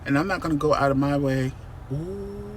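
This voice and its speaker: A man's voice: a little high, moderate pace, a little hiss or hum. A man telling a personal story to his viewers in a casual, emphatic vlog from a parked car. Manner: animated, emphatic, talks to viewers directly. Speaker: vlogger.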